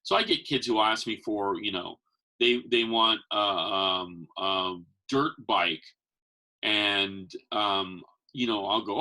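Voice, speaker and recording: A man, a magician who works as Santa, telling stories in a casual chat and acting out the voices of the people in them. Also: moderate pace. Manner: animated, acts out quotes with big pitch jumps. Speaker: podcast guest, magician and Santa performer. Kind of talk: casual storytelling.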